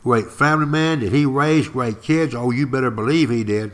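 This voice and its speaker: A man's voice: medium pitch, moderate pace. Folksy man lecturing like a storyteller. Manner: folksy, dramatic, addresses listeners directly. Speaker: podcast history lecturer.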